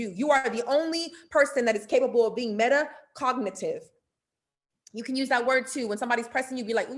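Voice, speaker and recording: This is a woman leading a motivational mentorship talk. Her voice sits a little high, and her delivery is animated and casual. She speaks straight to her listeners. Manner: animated and playful, acting out inner dialogue; casual, direct, addresses listeners.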